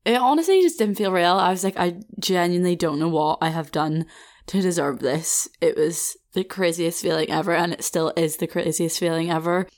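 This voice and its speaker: A woman's voice: fairly low pitch, normal speed. Chatty young woman telling a story. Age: young adult. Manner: chatty, self-mocking, often laughing mid-sentence. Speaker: podcast host. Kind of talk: casual storytime monologue.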